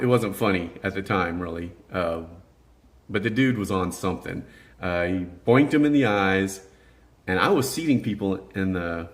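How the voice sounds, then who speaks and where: A man's voice: lowish voice, fairly bright tone. A middle-aged man telling rambling personal stories in a casual monologue, laughing as he goes and acting out the voices of people in them. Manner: rambling, laughs through anecdotes, acts out quoted voices. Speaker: vlogger telling life stories.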